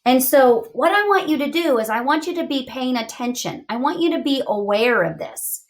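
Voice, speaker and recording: Animated woman teaching young readers. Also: a little high. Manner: expressive, thinking aloud with big reactions. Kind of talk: reading lesson for young students.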